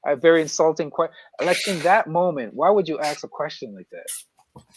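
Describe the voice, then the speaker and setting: A man's voice: fairly high pitch, animated, moderate pace, a crowd in the background. A man in casual sports chat, laid-back and mocking, now and then aping commentators. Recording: dry, dull lo-fi sound.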